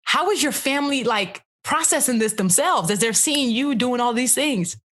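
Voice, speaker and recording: A woman's voice: a little high, animated, moderate pace, fairly bright tone. A woman hosting a podcast, asking questions with enthusiasm and laughing along. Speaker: podcast host. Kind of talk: casual interview chat.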